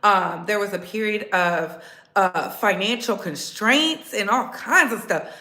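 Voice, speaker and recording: Woman, livestream host, sassy and blunt, bright forceful voice, roomy echo. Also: medium pitch, measured pace. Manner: blunt, sassy, talks straight to her chat. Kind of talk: casual livestream chat.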